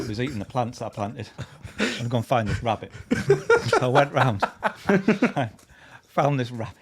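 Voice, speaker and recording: A man with a husky voice, a podcast guest telling funny stories in a lively, laughing way, acting out what other people said. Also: mid-range voice, normal speed. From England. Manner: animated, laughing anecdotes with acted-out quotes. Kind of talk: storytelling chat.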